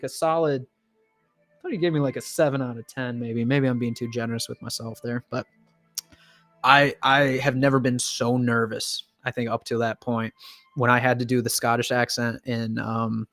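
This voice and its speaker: An American band member hosts a casual livestream Q&A in a mid-range, fairly bright voice with no room sound. He's chatty, laughs often, and reads viewers' comments aloud.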